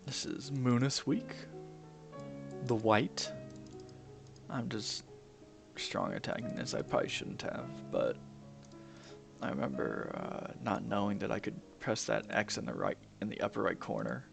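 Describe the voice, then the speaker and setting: A man's voice: fairly low pitch, big pitch swings, measured pace, creaky, long pauses. A young man chatting casually while he plays a game, mumbling, swearing a lot and sometimes dropping into a whisper. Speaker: gaming streamer. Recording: music playing behind the voice. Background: piano music.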